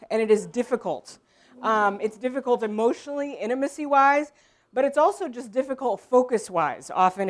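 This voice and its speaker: A woman leading an improv workshop, explaining to a group in a relaxed way, with frequent ums. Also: on the high side. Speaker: workshop leader. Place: room with a group.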